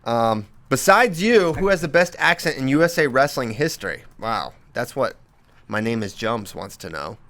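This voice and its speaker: Teasing podcast host, middle-pitched man. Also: expressive, normal speed, a bit bright. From US South. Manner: teasing, laughing, reading listener questions. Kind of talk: casual podcast chat.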